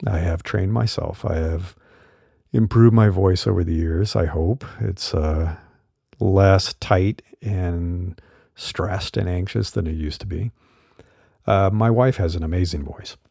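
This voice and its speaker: Middle-aged man, deep husky voice, dark tone, chatty podcast host on a dry close condenser mic. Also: slow pace, no room sound. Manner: relaxed, chatty, with fillers and laughs. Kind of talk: casual solo podcast talk. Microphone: studio condenser mic.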